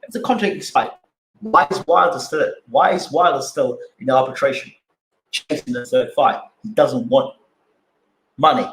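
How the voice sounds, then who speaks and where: A man's voice: mid-range voice, normal speed, reverberant, a little hiss or hum, poor audio. A man hosting a boxing channel live stream, arguing his points with repeated rhetorical questions and answering chat.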